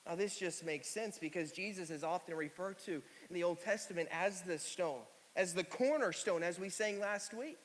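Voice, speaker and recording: A man preaching a sermon, emphatic and repeating phrases, slowing down to stress key words. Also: sits high, slight background noise. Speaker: pastor. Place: church sanctuary. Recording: long reverb of a church hall.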